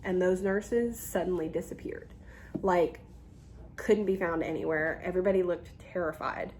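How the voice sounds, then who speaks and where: A young woman telling a storytime vlog, animated and full of ums, acting out the people she quotes. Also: lowish voice, moderate pace, slight background noise. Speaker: YouTuber. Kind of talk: casual storytime.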